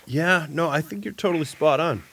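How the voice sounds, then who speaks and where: A man in casual podcast chat, animated and slangy, laughing through his stories. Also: fairly high pitch, fairly quick, gravelly, slight background noise.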